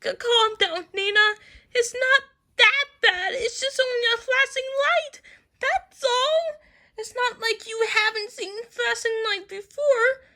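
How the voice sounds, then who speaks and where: A woman's voice: extremely high pitch, takes it slowly, sharp tone, full character voice. Nina, a woman doing a trembling, frightened small child. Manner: trembling, stammering and fretful.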